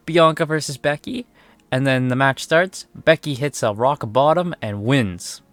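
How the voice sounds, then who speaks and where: A man's voice: mid-range voice, normal speed, fairly bright tone, no room sound. Sarcastic young man with faint music behind. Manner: sarcastic, exasperated, swears often. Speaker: wrestling reviewer. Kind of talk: casual spoken review.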